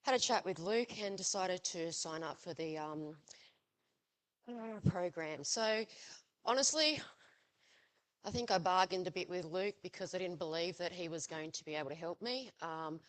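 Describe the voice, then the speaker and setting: A woman, a guest speaker sharing a personal testimony at a live event, halting with many ums and pauses and a little out of breath. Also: on the low side. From Australia.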